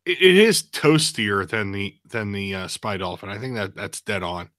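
A man's voice: normal speed, a bit bright, dry recording, clean studio sound. A man co-hosting a casual live beer review podcast, chatty and prone to hard laughing fits. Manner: laughs hard, high giggly outbursts.

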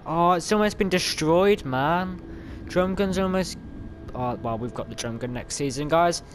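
Excitable guy, raised voice. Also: on the high side, measured pace, a little hiss or hum. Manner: excitable, yelling at other players, grumbling. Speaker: gamer. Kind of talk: live gameplay commentary. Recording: game sounds loud behind voice.

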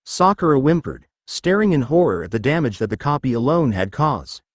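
A man's voice: mid-range voice, very animated, a little fast, dry recording, clean studio sound. A man narrating a fan story in a dramatic, scripted reading.

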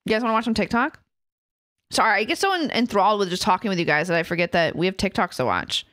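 A woman's voice: mid-range voice, animated, quick pace, fairly bright tone. A young adult woman streamer in casual live chat, laughing often and swearing freely as she reacts to videos.

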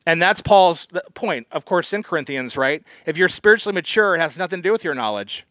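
A man delivers a sermon as pastor, his voice sitting a little higher than most men's. He talks to the congregation conversationally, then presses hard on his key points. The sound is dry and close, with no room echo. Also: animated, a little fast, sharp tone. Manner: conversational, earnest preaching with sudden emphatic pushes. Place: church.

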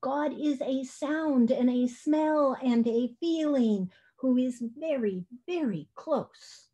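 A tiny, earnest ant from a storybook, read by a woman. It speaks softly and slowly, in a warm voice. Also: high voice, voice pushed up.

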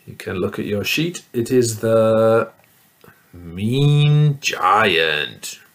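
Male teacher, reading picture books to young kids, very slow, lively sing-song pitch. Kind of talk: reading a lesson to young children.

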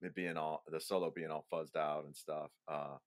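A man, a guest musician on a podcast, telling a story about recording in an animated way, laughing easily and stammering. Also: a bass voice, moderate pace. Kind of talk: casual conversation about music.

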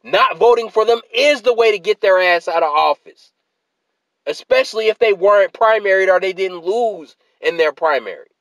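A man's voice: sits high, animated, normal speed, a bit bright, no echo, rough recording. Exasperated man ranting, dry close sound. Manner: exasperated, repeatedly asks what are you talking about. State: tired after a work shift. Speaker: political commentator. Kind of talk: ranting video essay.

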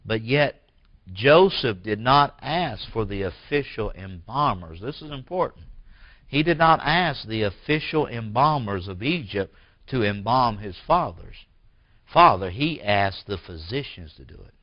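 A man preaches to his congregation in a low, deep register. He rises into forceful, emphatic bursts, then drops to hushed lines. The recording is dry and dull, with a lo-fi edge. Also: expressive, measured pace, no room sound. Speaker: pastor. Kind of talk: sermon. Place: church.

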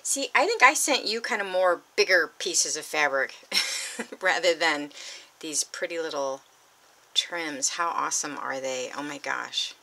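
Excitable woman crafter, bright, lowish voice, gushes and whispers. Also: a little slow. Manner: gushing, excitable, drifts into breathy whispers. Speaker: crafting vlogger. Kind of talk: unboxing vlog.

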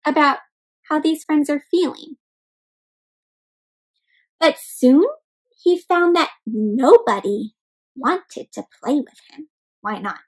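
During an interactive read-aloud for kids, a woman with a high voice reads slowly from a picture book, pausing often to ask questions and encouraging the children as "my friends," like a teacher. The audio quality is poor.

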